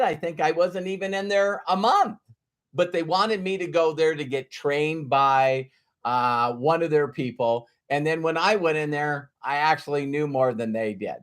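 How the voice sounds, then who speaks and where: A man telling his own career story in a casual, rambling way. He laughs often and repeats himself. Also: fairly high pitch.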